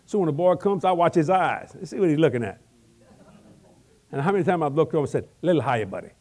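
An older man preaching an evangelism sermon, telling humorous stories in a folksy, animated way and often repeating words. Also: a little high, fast.

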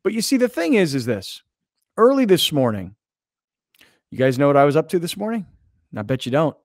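A man hosting a sports talk radio show, telling a story with excitement and acting out what others said. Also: a little high, brisk, no room sound, clean studio sound. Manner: excited storytelling, acts out quoted lines. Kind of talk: casual show banter.

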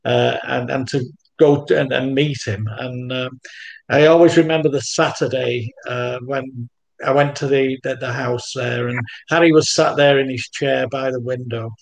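A man's voice: mid-range voice, creaky. A man who writes about football history, recalling a meeting as a guest, with hesitant, repeated words. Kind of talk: guest reminiscence.

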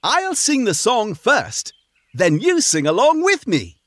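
A woman's voice: a little high, wildly swooping pitch, no echo, heavily acted. A woman voicing Mister Frog, a friendly male frog leading a kids' sing-along. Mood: cheerful. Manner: cheerful, slow, teacherly.

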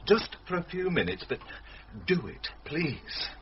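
Middle-aged country doctor, dry and knowing, animated pitch; muffled, faintly hissy radio recording. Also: male voice, a little slow. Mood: weary. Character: weary, irritated middle-aged village doctor.

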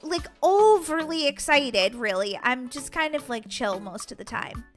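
A woman voicing a relaxed, easygoing young girl in a game role-play video. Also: high-pitched, measured pace, pitched below the performer's own voice. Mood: chill. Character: laid-back friendly young girl host. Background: children's background music.

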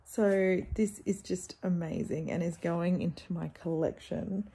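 A woman book vlogger in casual chat, gushing over her book haul with gasps and hushed exclamations. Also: fairly low pitch, measured pace, a little hiss or hum. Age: adult with sons.

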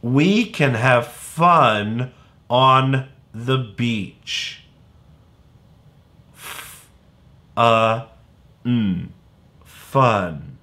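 A man's voice: medium pitch, expressive, drawn-out words, pauses often, pushed and bright. A man teaching young children phonics in a playful way, sounding out words letter by letter. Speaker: kindergarten teacher.

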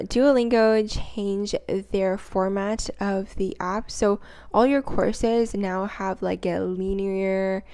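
A woman in a relaxed tutorial voice, taking her time and speaking at an unhurried pace. She rambles a little, leans on fillers, and repeats words for emphasis. Now and then she sounds out syllables and tones slowly and carefully. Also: mid-range voice. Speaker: language-learning vlogger. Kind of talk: casual tutorial talk.

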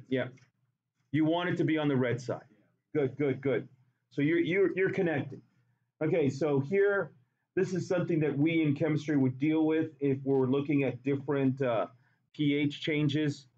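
A man's voice: a little high, darkish tone, muffled recording. A man teaching a chemistry class in a classroom, talking playfully and repeating words for emphasis. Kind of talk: classroom lecture.

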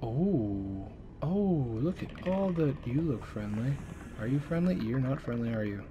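A young man giving excitable, jokey let's play commentary and chatting to the creatures on screen. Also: mid-range voice, unhurried, noisy background. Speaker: gaming channel host. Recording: game music running underneath.

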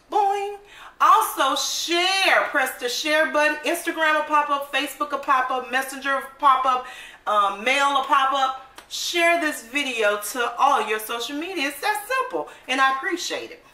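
Chatty high bright-voiced woman in an echoey kitchen. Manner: chatty and upbeat, calls viewers "baby"; excited, admits talking fast. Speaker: cooking channel host. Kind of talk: casual cooking vlog chat. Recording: roomy echo, mic at a distance, faint noise.

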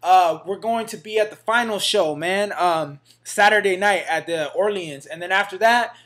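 A man's voice: high voice, normal speed, a bit bright. A man vlogging to his fans, hyped and slangy, with a Northern California accent, tossing "man" and "baby" into every line. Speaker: fitness vlogger. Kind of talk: casual vlog to camera.

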